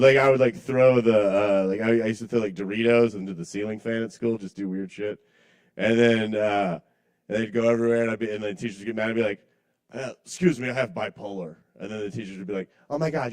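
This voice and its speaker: Open-mic comic, male; rambling, self-mocking, chuckles at his own bits, live in a small bar. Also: fairly low pitch. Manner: rambling, self-deprecating, apologizes to the crowd. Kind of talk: live stand-up comedy.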